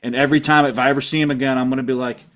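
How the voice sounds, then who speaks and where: A man's voice: mid-range voice, flat delivery, very fast, fairly bright tone. A man with a Pittsburgh accent co-hosting a casual sports podcast, rambling, laughing often and acting out silly bits of dialogue. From Pittsburgh area. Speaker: podcast co-host.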